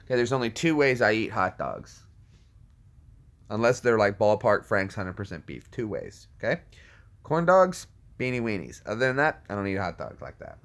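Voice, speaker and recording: A man's voice: fairly low pitch, very animated, normal speed, fairly bright tone. A man casually chatting as a streamer, answering viewer comments in a jokey way and riffing on movie quotes. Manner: jokey, riffs on movie quotes and puts on silly voices. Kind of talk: casual chat.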